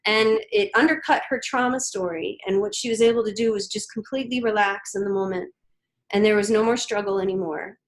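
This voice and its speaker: A woman in her thirties talks as a podcast guest, earnest and gentle. She pauses often and circles back to her words as she reflects. Her voice sits at an ordinary middle pitch. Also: rough recording. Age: 30s. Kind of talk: reflective interview storytelling.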